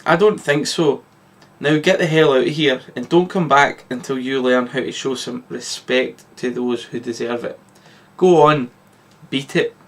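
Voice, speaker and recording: A man's voice: medium pitch, steady tone, measured pace, few pauses, fairly bright tone. A man voicing an angry male diner owner who scolds and dismisses his customers. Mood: scornful.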